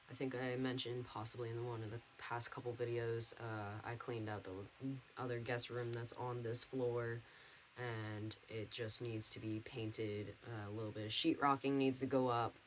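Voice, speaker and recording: A man's voice: medium pitch, a little hiss or hum, low-quality recording. A young man rambling through a casual life-update vlog at home, full of fillers and restarts. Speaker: vlogger.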